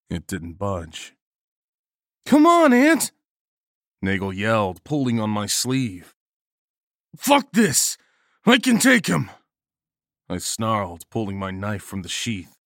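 A man with a lowish voice narrates a first-person horror story in a grim, measured way. The sound is dry and close, with no room around it. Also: no echo.

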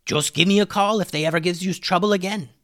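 A man's voice: sits high, fast talker, fairly bright tone, pitched above the performer's own voice. A man voicing a formal, earnest male chicken wizard in a bedtime-style story.

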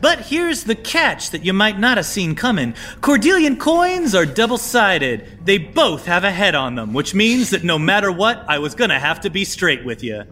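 Man playing a cool, high-status rogue in a tabletop game, coy and teasing, bright and animated. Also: normal speed, hardly any pauses, heavily acted. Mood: sly. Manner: coy, teasing, self-assured. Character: smooth-talking cool male rogue spy.

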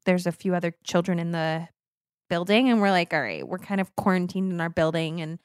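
A woman's voice: lowish voice, lively intonation, brisk, clean tone, no room sound, studio quality. A woman in her thirties co-hosting a podcast in casual chat, candid and rambling, often correcting herself mid-sentence. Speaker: podcast co-host.

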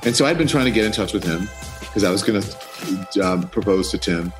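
A man's voice: on the low side, fairly quick, faint music behind. A man, a news anchor appearing as a guest, tells a personal story in a podcast interview, acting out the dialogue and laughing often. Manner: animated, acts out quoted dialogue, laughs often.

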